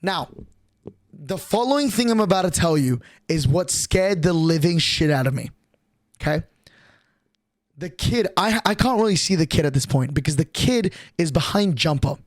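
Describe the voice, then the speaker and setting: A young man with a high, bright voice tells a story on his stream, swearing freely and slipping into little voices for the people in it. He talks close to the mic, and the sound is dry and tight with no room around it. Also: moderate pace, no echo. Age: young adult. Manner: excitable, profane storytelling with voiced quotes.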